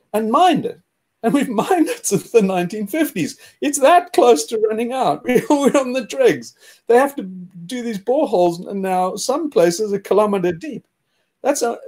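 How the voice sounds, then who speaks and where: A man with a high-pitched voice delivers a heated, profane rant as a podcast host. His tone is scornful and emphatic, and bursts of laughter cut through his talk. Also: a little mellow. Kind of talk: ranting discussion.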